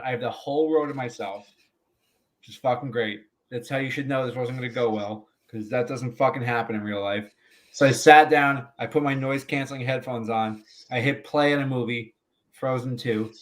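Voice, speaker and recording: A man, a comedian guest on a podcast interview, telling a long profane anecdote with frequent laughs. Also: mid-range voice.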